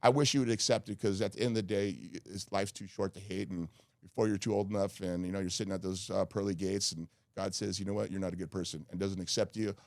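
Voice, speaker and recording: A man's voice: sits low, fairly even intonation, fast, a little mellow, no room sound, clean studio sound. A middle-aged man, a guest in a candid podcast talk, speaking in heated bursts with stammered restarts. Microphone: studio mic.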